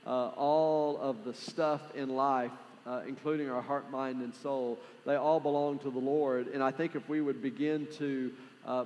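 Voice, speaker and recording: A man's voice: mid-range voice, a little hiss or hum. A man with a West Texan accent, preaching a sermon as pastor with prayer and announcements, in an earnest, conversational way with plenty of fillers. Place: large church sanctuary. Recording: long hall reverb with faint music.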